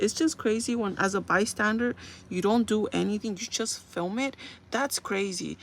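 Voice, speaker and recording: A young woman chatting casually to viewers on a makeup livestream, telling stories in an animated, talkative way. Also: mid-range voice, creaky, a little hiss or hum.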